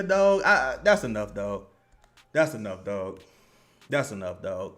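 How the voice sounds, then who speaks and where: A young man streams a live watch-along of a basketball game, his voice a little high and a little slow. He's profane and excitable, yelling at the players before calming down, repeating himself, and greeting chat viewers by name.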